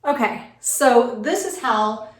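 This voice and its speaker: A beauty vlogger in her forties from the United States gives tips in a casual, rambling vlog full of fillers and asides. Her fairly high voice has lively intonation and a slow pace, and the recording is roomy, with the mic some distance away.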